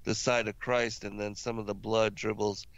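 A man discussing ancient religious texts in casual conversation, halting often with fillers and restarts. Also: lowish voice, little pitch movement, gravelly, fairly bright tone, no echo, muffled recording.

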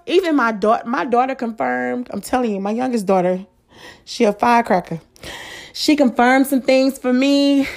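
Fired-up, high-voiced woman podcaster. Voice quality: slangy, rhetorical questions to listeners. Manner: emphatic, swears freely, fired-up pep talk. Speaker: podcast host. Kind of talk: casual solo podcast monologue.

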